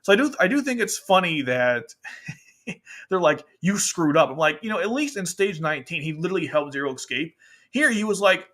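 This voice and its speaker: An anime review host with a fairly high voice talks fairly quickly while casually reviewing a manga. Chatty and animated, he laughs often and quotes the characters in exaggerated voices.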